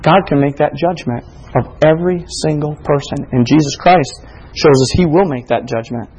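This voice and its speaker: A male preacher delivering a sermon, reading scripture and then pressing his points with climbing emphasis. His voice sits a little high for a man, with a husky, slightly breathy edge. He talks straight to his congregation, often acting out the questions he puts to them. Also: normal speed, a little mellow. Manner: preaching with rising emphasis and quoted exchanges. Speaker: pastor.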